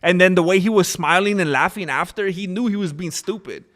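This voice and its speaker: A man's voice: high voice, a little fast. A man streaming live, arguing and ranting in casual commentary. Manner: animated, argumentative ranting.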